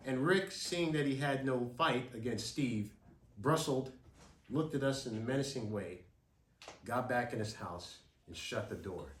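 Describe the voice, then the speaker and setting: A man's voice: mid-range voice, measured pace, a little hiss or hum. A man telling a dramatic story from his childhood as a speech, in vivid, dramatic storytelling. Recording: roomy, from a distance.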